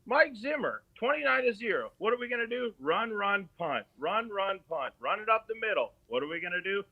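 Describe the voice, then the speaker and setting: A man hosting a sports podcast, ranting in a mocking, animated way. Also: high-pitched, fairly quick, creaky, hardly any pauses, muffled recording. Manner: animated, mocking, does exaggerated voices. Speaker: podcast host.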